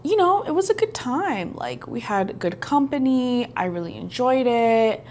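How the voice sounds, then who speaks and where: A woman's voice: a little high, very animated, unhurried, a little mellow, a little hiss or hum. A young woman talking casually and playfully to her viewers as a book vlogger, with bursts of enthusiasm. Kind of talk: casual chat.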